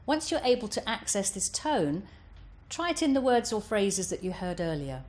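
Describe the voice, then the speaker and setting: A woman voice coach giving calm, careful instructions over vocal exercises. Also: medium pitch, normal speed.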